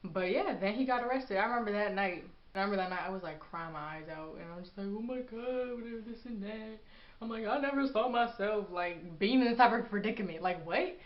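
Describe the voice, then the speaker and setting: A young woman telling a personal story in a casual vlog, animated and sassy as she acts out what people said. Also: medium pitch, brisk. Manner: animated, acts out quotes with sass. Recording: echoey room, dull lo-fi sound.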